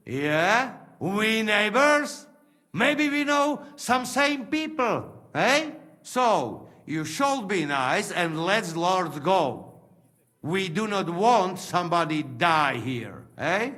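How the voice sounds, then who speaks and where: A man voicing a rough rebel soldier from the Trenčín region who speaks in clipped, broken sentences in a game cutscene. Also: high-pitched, sing-song, slow pace, pushed and bright, exaggerated voice. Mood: coaxing. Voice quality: broken, clipped speech with dropped words. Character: rough, wheedling male soldier haggling over hostages.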